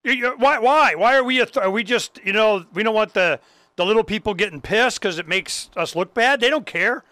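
Man, host, high bright voice, smooth and clean, dry sound, animated ranting, swears a lot. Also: fairly quick, dry recording. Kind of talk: casual chat.

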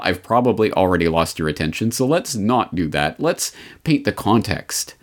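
A man hosting a history commentary show, speaking in a measured, deliberate way with sardonic asides. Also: low voice, very animated. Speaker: podcast host.

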